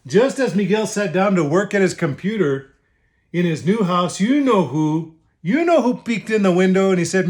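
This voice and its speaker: A man reads a children's picture book aloud, pausing for explanatory asides. His voice is high for a man. He shifts easily between languages as he reads. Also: animated, a little mellow. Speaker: state official reading to children.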